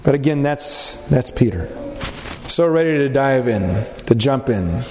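A man preaching a sermon, reading scripture and acting out the quotes with lively emphasis. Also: unhurried. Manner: animated, acts out scripture quotes with rising pitch. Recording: reverberant hall with faint ambient noise.

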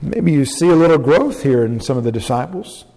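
Man, preacher, sermon, theatrical quotes, high-pitched, echoing hall. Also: fairly quick. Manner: animated, acting out quotes with big pitch jumps. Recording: long hall reverb.

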